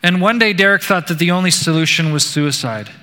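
A male pastor delivers a sermon story, taking his time over each phrase with earnest emphasis. His tone is bright and forceful, a touch higher than most men. The sound rings with a long reverb from a large church hall. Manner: slow, earnest, emphatic retelling.

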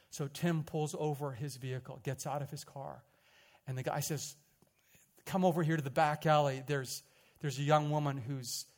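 A male pastor from British Columbia preaches in an earnest, storytelling way. His voice sits mid-range, and he falls quieter and slower at the gentle parts. He sometimes repeats words when moved. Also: mid-range voice. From British Columbia, Canada. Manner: earnest, dropping softer and slower at tender moments, repeating words when stirred. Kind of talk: sermon with storytelling.

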